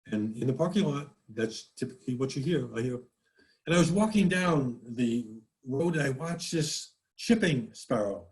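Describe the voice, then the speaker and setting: A nature presenter with a New England accent gives a casual, folksy slide talk, chatty and constantly restarting his sentences, sometimes mimicking birdsongs. His voice is a little high, a little mellow and expressive, at normal speed, on a low-quality recording.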